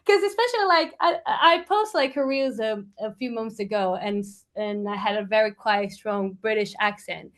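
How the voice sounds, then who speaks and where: A woman's voice: medium pitch, moderate pace, hardly any pauses. A woman from Brazil with a Brazilian accent, a musician chatting casually as an interview guest, rambling with lots of fillers.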